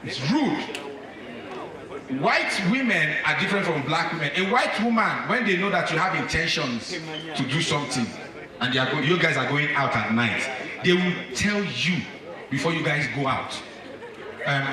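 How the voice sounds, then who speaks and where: A man doing stand-up, telling a story in an animated way and speaking straight to the men in the audience. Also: on the high side, moderate pace. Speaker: stand-up comedian. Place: comedy club stage. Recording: echoey live club, from far off, crowd.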